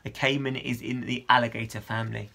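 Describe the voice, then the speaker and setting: A man, a teacher, reading a children's novel aloud with expressive storytelling. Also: medium pitch, quick pace, gravelly.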